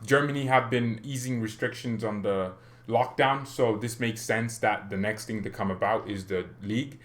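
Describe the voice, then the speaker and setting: Animated man chatting on a livestream. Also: normal speed. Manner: animated, chatty, laughs often, pitch jumps when excited. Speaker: fan channel host on a livestream. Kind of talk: casual livestream chat.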